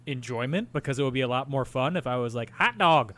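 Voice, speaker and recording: A man hosting a movie podcast in casual, playful chat. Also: medium pitch. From Illinois. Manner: animated, playful, quick. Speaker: podcast host.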